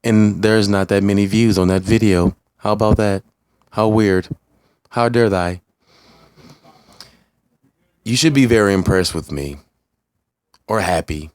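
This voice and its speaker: A man vlogging in a loose, rambling way, swearing freely and giving shout-outs to his viewers. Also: fairly low pitch, unhurried, pauses often, clear, resonant tone, no echo, studio quality. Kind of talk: casual rambling vlog.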